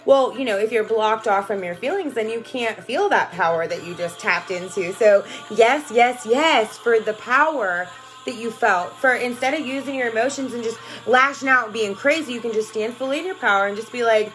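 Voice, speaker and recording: A woman's voice: a little high, moderate pace, fairly bright tone, soft background music. A woman life coach talking casually and emphatically on a livestream, often asking "right?" and greeting viewers by name. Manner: emphatic, rambling, repeats "right?" and "you know". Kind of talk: casual motivational livestream talk.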